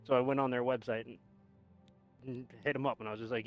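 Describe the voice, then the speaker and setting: A man's voice: medium pitch, level tone, fast talker, muffled recording, soft background music. A man chatting casually with friends about a video game, swearing in a laid-back way. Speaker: gamer on a voice chat. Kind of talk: casual chat.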